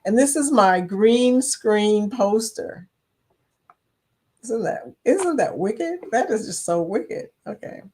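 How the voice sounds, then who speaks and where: A woman's voice: on the high side, animated, slow pace, mellow, breathy edge. Woman host chatting loosely with her live-stream viewers, teasing and laughing often. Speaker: livestream host. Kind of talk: casual chat reading viewer comments.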